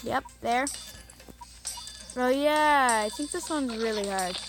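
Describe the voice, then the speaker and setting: A woman's voice: high-pitched, slow. Chatty woman narrating her mobile game. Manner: chatty, self-mocking, bursts of excited cheering. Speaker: mobile game video host. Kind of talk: casual gameplay commentary. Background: game music.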